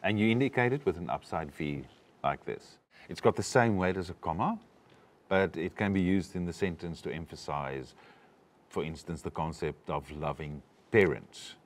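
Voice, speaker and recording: A man's voice: deep voice, normal speed. A man coaching a student through an acting lesson, explaining each step carefully.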